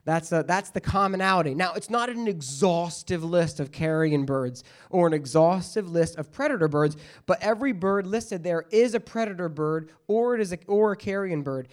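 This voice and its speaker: High-voiced man teaching a casual Bible study. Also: expressive, normal speed, hardly any pauses. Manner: conversational, checks in with "okay?" and "all right?", jokey asides.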